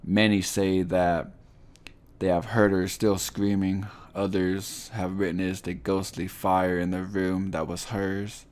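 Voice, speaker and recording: A man reading a scripted ghost story in a slow, somber, deliberate way. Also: deep voice, little pitch movement, a little mellow. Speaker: narrator.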